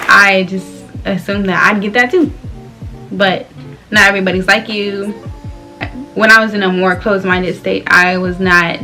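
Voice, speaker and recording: A woman's voice: mid-range voice, steady tone, unhurried, long pauses, pushed and bright, soft background music, a faint crowd. A young woman in her twenties from Florida, talking candidly and loosely with slang and frequent laughs while doing her hair for a vlog. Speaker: vlogger.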